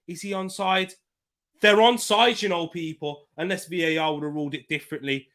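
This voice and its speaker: A young man hosting a live football watchalong from a desk microphone, narrating the play and chatting with viewers, breaking into excited shouts at big chances. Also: on the high side, a little fast. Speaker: watchalong host. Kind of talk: live match watchalong commentary.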